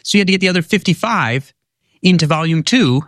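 A man's voice: high-pitched, expressive, fast, a bit bright, no echo, clean studio sound. A man, an author guest in an interview, explaining ideas in an articulate, storytelling way. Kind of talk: conversational interview.

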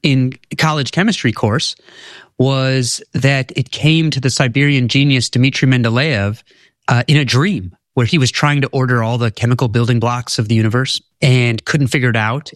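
An articulate male author being interviewed, telling stories and explaining ideas at an even middle pitch. His voice is recorded close and dry. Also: moderate pace, dry recording. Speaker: author and guest. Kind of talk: conversational interview.

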